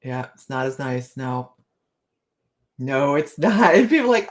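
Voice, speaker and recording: A woman's voice: extremely low pitch, very animated, unhurried, long pauses. A middle-aged woman hosting a casual live chat, reading cards and talking to viewers by name, laughing often. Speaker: livestream host reading tarot cards.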